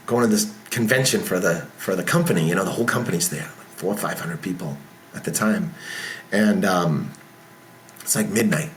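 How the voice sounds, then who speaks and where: A man, a military veteran, telling stories as a podcast guest in a frank, animated way with casual swearing. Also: on the low side, slight background noise. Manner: animated storyteller who acts out dialogue. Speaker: podcast guest, business founder. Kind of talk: casual storytelling interview.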